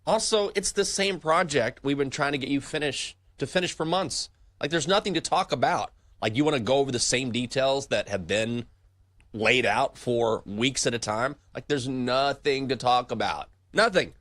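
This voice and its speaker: A man co-hosts a sports betting show, telling stories in casual chat as an animated storyteller who acts out the voices he quotes. His voice is mid-range and moderately paced, with no room sound.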